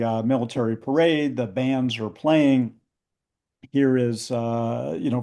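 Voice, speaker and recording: A man, an author, narrating history over slides on a video call, with many pauses and fillers. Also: mid-range voice, creaky, mellow. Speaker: book author. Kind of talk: book talk presenting slides.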